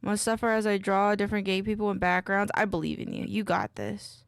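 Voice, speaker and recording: A woman's voice: mid-range voice, a little fast, vocal fry, no echo, clean studio sound. A woman streamer chatting casually with her viewers while she works, putting on a silly accent. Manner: chatty, reads chat aloud while working; playing up a silly put-on accent. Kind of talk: casual livestream chat.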